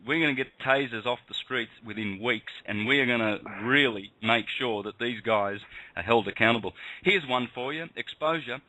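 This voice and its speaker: A man's voice: medium pitch, bright, forceful tone, dry recording, low-quality recording. A man hosting a call-in radio show, talking in an impassioned, emphatic rant. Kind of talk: heated call-in radio talk.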